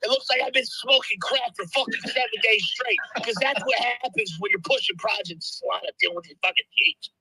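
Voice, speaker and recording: In a live audio room, a crypto project promoter with a high, slightly rough voice brashly hypes his coin, swearing constantly despite sounding tired and half-asleep. He talks briskly with a sharp tone and barely pauses, and the audio is poor.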